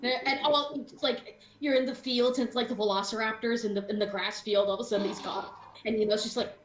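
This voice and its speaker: Playful, animated woman game master. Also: fairly high pitch, quick pace, roomy sound, slight background noise. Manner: animated, playful, bursts into silly voices. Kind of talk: casual chat at a tabletop game.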